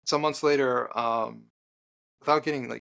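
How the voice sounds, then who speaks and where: A man, a podcast guest and author, telling an earnest personal story in conversation, halting with restarts and fillers. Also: mid-range voice, steady tone, creaky, fairly bright tone.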